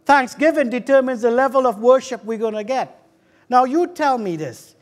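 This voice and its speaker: A man with a British accent preaching a lively sermon in church, calling out to the congregation and joking with them. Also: extremely high pitch, moderate pace. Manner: fervent, calls out to the congregation and jokes. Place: church hall.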